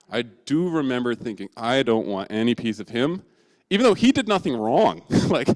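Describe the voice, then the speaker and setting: A male preacher tells a childhood story, his voice rising and falling a lot. He sounds casual and self-deprecating, with a middle-pitched voice. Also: darkish tone. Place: church.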